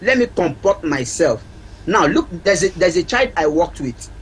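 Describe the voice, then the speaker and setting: A man's voice: on the high side, sing-song, moderate pace, slightly rough, poor audio. A man, a parenting counselor and guest on a TV talk show, speaking earnestly and repeating his key points for emphasis. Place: TV studio.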